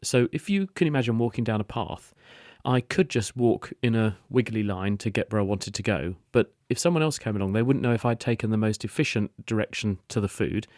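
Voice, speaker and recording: A man with a lowish voice explains science on a call-in radio show. He talks fluently and builds his answers step by step with homely analogies. The studio sound is close and dry. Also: animated, fairly quick, hardly any pauses, a little mellow, no echo. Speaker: radio science expert answering listener questions.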